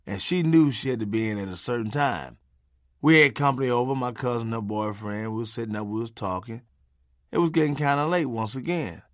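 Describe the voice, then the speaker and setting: A man's voice: medium pitch, fairly bright tone, no room sound, studio quality. A middle-aged man narrating his memoir in a punchy, folksy, conversational way with salty language.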